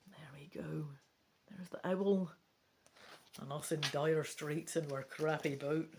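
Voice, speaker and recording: A woman's voice: low-pitched, fairly even intonation, takes it slowly, a little mellow, slight background noise. Chatty Scottish woman reading a gamebook. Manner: chatty and wry, casual swearing. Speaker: gamebook reader. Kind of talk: reading a gamebook aloud with commentary.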